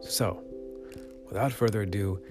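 Podcast host, male, low voice, jokey and profane, roomy echo with music. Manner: joking, fast-talking, profane. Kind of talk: casual podcast chat. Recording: roomy echo, rough amateur audio.

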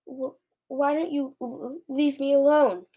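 A woman's voice: high voice, steady tone, unhurried, warm tone, pitched above the performer's own voice. A woman doing a nervous stammering friendly giant. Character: big friendly male giant, timid and nervous.

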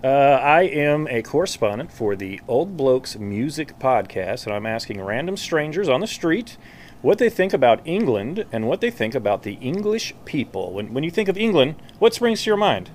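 A man's voice: mid-range voice, big pitch swings, normal speed, slight background noise. A man doing casual street interviews outdoors, chatty, swearing casually and laughing often.

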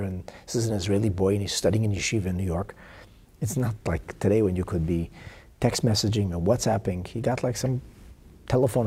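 Husky-voiced man teaching a religious lesson. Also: lowish voice. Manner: emphatic, swings from loud declaiming to hushed whispers; asks rhetorical questions. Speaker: Torah teacher.

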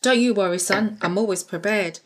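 A woman's voice: medium pitch, brisk, slight background noise, close to an everyday voice. A woman doing a boastful, leering young man. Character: cocky lecherous young male soldier type.

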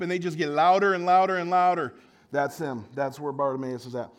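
High-voiced man preaching a lively sermon. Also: fairly quick. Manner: energetic, joking, audience call-and-response; conversational with frequent restarts. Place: church service.

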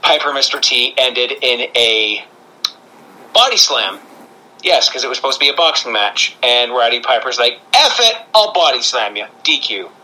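Bright-voiced joking podcast man. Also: medium pitch, poor audio. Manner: joking, quick asides. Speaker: podcast co-host. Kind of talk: casual podcast chat.

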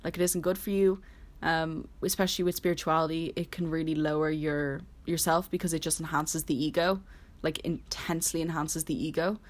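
A woman's voice: low voice, steady tone, fairly quick. A woman in her early twenties talking casually and earnestly as a solo host, rambling with constant "like" fillers. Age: 20s. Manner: rambling, heavy use of "like", earnest. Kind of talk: casual solo podcast chat. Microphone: laptop.

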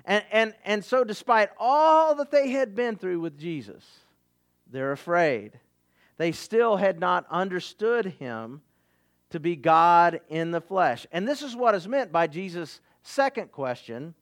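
A man preaching a sermon, earnest and halting, with frequent restarts and fillers. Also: high-pitched, animated. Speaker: pastor.

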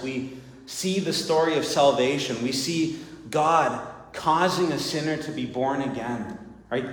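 A man preaching earnestly in a church, checking in with his listeners again and again. He talks slowly and deliberately in a medium voice. His words ring through a roomy hall with a long, trailing reverb. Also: medium pitch. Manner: earnest, repeats "right?" and "friends". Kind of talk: sermon.

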